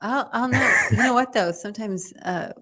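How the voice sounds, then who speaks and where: A woman co-hosting a podcast as show runner, chatty and quick to giggle. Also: on the high side, pushed and bright. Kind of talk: casual chat.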